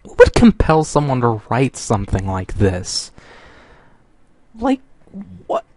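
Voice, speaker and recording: A man's voice: mid-range voice, huge pitch swings, slow pace, a little mellow, no echo. A man reading fan fiction aloud and breaking off with exasperated sighs, asides and laughter.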